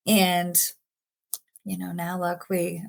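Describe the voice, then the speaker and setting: A woman's voice: lowish voice, completely flat delivery, takes it slowly, gravelly, slight background noise. A woman guest on a podcast interview, telling her own story in an earnest, emotional way with frequent fillers. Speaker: patient guest.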